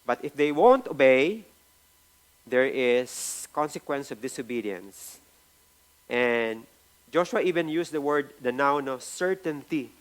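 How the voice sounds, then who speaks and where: A pastor with a Filipino accent preaches a sermon in a medium-pitched voice with lively intonation, taking it slowly. He repeats key phrases for emphasis and often checks in with the congregation.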